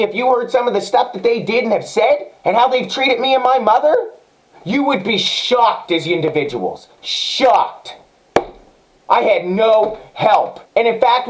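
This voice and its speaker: Male podcast host, high-pitched, furious profane solo rant. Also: poor audio. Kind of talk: angry solo commentary.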